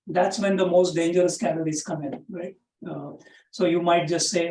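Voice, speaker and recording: A man's voice: high-pitched, fairly even intonation, normal speed, a little mellow, slight background noise. A man leading a live workout class who counts reps aloud and breaks in with encouragement, chatting through his tips with frequent "right?" tags. He says he is South Asian. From South Asia. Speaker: fitness instructor. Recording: roomy echo, far from the mic.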